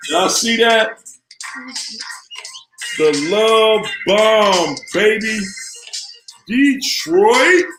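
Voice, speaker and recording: A man from the D.C. area hosts a casual live stream, greeting viewers by city in an upbeat, chatty way. His voice sits high and bright and he talks at an unhurried pace. The room is echoey, with faint music playing behind him. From Washington, D.C. area. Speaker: host of a live online show.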